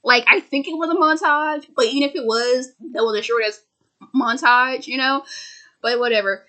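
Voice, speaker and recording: A woman's voice: high voice, moderate pace, pushed and bright. A woman giving a casual, rambling movie review from a small room at home, sarcastic and profane, often stammering and restarting her sentences.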